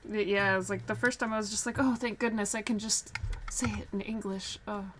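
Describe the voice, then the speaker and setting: A woman's voice: medium pitch, brisk, slight background noise. Chatty woman streamer, drawing and talking. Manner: chatty, laughs often, animated when telling stories. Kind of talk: casual chat while drawing on stream.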